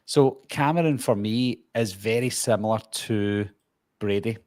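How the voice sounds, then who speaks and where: A man's voice: on the low side, unhurried, a little mellow, no room sound. A man from Scotland with a Glasgow accent, chatting casually as a podcast co-host. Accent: Glasgow Scottish. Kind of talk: casual chat.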